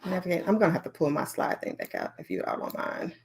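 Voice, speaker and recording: A woman leading a conference training session on learning design, talking in a lively, chatty way with many fillers and asides. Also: on the low side, fast talker, gravelly, husky.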